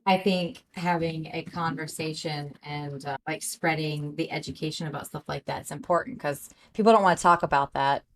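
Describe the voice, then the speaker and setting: An earnest woman therapist co-hosting a podcast over a video call, her voice set a touch low. She explains things patiently and is eager to teach. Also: fairly even intonation, moderate pace, few pauses. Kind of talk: casual podcast chat.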